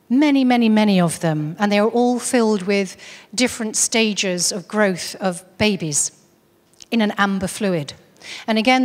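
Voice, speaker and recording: A woman's voice: medium pitch, big-room sound. A woman giving a talk, earnestly recounting a case story with frequent restarts. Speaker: speaker on UFO contactees.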